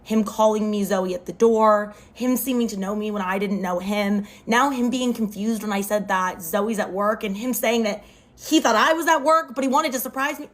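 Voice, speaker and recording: A young adult woman telling a casual storytime into her phone. She recounts it in an animated, expressive way and uses "like" often. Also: mid-range voice, moderate pace. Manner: expressive, animated retelling with lots of "like".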